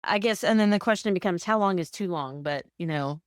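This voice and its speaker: A woman's voice: on the low side, fairly quick, no echo, clean studio sound. A woman hosting a casual interview podcast, asking questions and encouraging her guest. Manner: encouraging, asks questions, frequent backchannel. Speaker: podcast host.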